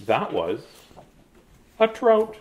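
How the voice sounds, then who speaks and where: A man's voice: sits high, huge pitch swings, drawn-out words, highs cut off, voice pushed up, full character voice. A man voicing a bossy female dog who coaches a friend, in an emphatic, teasing storybook voice.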